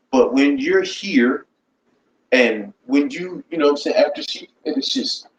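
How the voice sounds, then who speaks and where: Blunt man in an echoey room. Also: a little high. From United States. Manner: blunt, profane, keeps asking "you know what I'm saying". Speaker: channel host. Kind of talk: casual live-stream chat. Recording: roomy echo, faint background noise.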